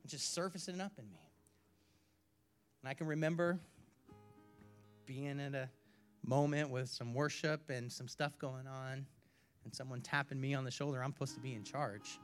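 A male pastor preaching in an animated storytelling style, his voice at a medium pitch. He swings from loud, emphatic bursts to hushed, quiet moments. A faint guitar plays softly underneath. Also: normal speed, pauses often, clear, resonant tone. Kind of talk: sermon.

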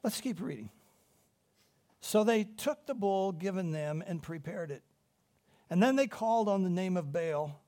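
A man delivers a sermon in a voice pitched well above the usual male range. He tells stories with animation, pressing hard on key lines and then dropping to a hushed tone. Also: moderate pace. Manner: animated storytelling, swings between loud emphasis and hushed tones. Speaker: preacher.

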